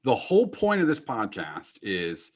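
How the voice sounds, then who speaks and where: A man's voice: on the low side, wildly swooping pitch, measured pace. A man hosting a podcast, speaking emphatically and with fired-up energy as he draws lessons from a guest's story. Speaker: podcast host. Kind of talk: casual podcast conversation.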